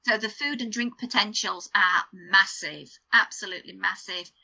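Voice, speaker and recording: A woman's voice: mid-range voice, moderate pace, vocal fry, pushed and bright, highs cut off. A middle-aged woman co-hosting a podcast, chatting casually and savouring vivid details as she lists them. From United Kingdom. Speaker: podcast co-host. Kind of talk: casual chat.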